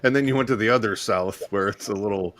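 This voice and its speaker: A man's voice: lowish voice, quick pace, fairly bright tone, no echo. A man hosting a casual interview, giving short playful replies and steering toward the live comments. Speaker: show host.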